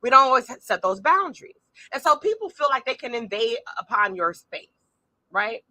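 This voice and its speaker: A middle-aged woman hosting a live-streamed motivational talk from a small room at home, animated and speaking straight to her audience with frequent asides. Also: on the high side, moderate pace, no echo. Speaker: podcast host. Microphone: phone or camera on a tripod.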